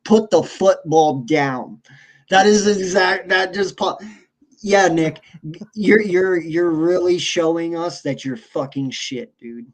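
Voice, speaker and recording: A man with a fairly high-pitched voice, ranting about his team on a casual sports podcast. He swears freely and talks with heated frustration. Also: takes it slowly. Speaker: podcast co-host.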